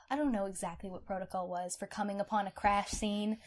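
A young woman co-hosting a podcast, chatting in an expressive, outspoken way and swearing casually. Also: mid-range voice, moderate pace. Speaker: podcast co-host. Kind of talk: casual true-crime chat.

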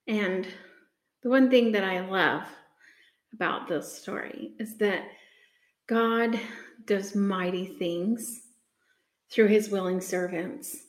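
Unhurried woman sharing a faith reflection, earnest and halting, middle pitch, roomy echo. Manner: unhurried, earnest, many ums and pauses. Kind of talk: casual devotional talk with scripture reading. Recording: echoey room.

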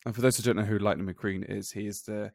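A man's voice: fairly low pitch, fairly even intonation, quick pace, gravelly, a little mellow, dry recording, studio quality. A man co-hosting a podcast, chatting casually and laughing often. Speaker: podcast co-host. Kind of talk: casual chat.

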